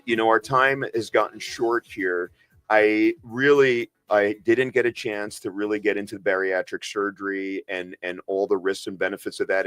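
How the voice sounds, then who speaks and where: Male doctor-host, low pitch, dry studio sound, relaxed earnest talk. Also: dry recording. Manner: casual, earnest, frequent restarts. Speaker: radio show host, doctor. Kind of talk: casual radio health talk.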